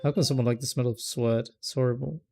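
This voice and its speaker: Young male gamer reading a visual novel aloud, low-lit mellow tone with a gravelly edge, rereads and asides. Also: fairly even intonation, fast talker, faint music behind. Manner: reads narration aloud, stumbles and rereads lines, breaks off with casual remarks. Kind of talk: let's play reading with asides.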